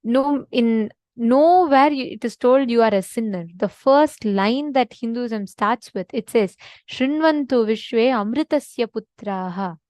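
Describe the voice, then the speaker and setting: Woman spiritual teacher, earnest and emphatic, high voice, dry close sound. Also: measured pace, few pauses, darkish tone, dry recording, rough recording. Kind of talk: devotional teaching session.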